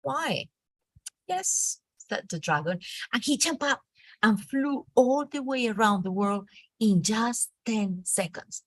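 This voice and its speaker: Colombian woman teacher, storybook read-aloud, slow, husky, close and dry. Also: medium pitch, dry recording. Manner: expressive, animated read-aloud with acted character lines. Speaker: teacher leading a reading workshop. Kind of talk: reading a storybook aloud to a class.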